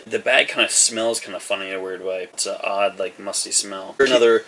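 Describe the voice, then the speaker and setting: Bright-voiced male game master. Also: on the low side, fairly quick, a little hiss or hum, poor audio. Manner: rambling descriptive narration with fillers. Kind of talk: narrating a tabletop game.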